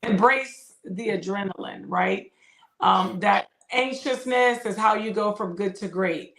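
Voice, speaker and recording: Woman host, mid pitch, gravelly, supportive listener, roomy echo on the recording. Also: unhurried, a bit bright. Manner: supportive, frequent short affirmations. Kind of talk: interview chat. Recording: echoey room.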